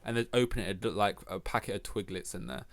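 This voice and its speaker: A man's voice: lowish voice, fast talker, creaky, a bit bright. Young English male podcast host, rambling and profane, talks in loose self-mocking asides. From England. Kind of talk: casual solo podcast rant.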